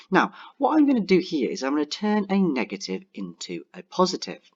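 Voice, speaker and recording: Young male teacher, animated pitch, slows to dictate, slightly muffled audio. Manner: clear, encouraging, slows to dictate sentences. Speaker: primary school teacher. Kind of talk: online writing lesson.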